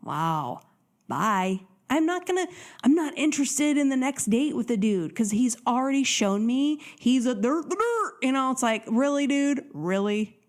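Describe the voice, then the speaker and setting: A woman's voice: high voice, moderate pace. A woman hosting a dating podcast, talking casually and with energy, acting out quoted voices. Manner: animated, acts out quoted voices. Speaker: dating coach podcast host. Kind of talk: casual motivational monologue.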